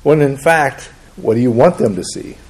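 A man's voice: medium pitch, normal speed, crowd noise. A man teaching a counseling class, asking his students questions and acting out the replies people give. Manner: asks the class questions, acts out quoted replies. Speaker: counseling instructor. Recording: roomy classroom with faint noise.

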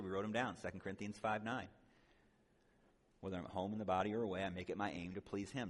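Man, low voice, conference teacher, chatty with quick jokes, reverberant hall. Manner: conversational, checks in with "right?" and "okay?", joking asides. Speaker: conference speaker teaching on biblical counseling.

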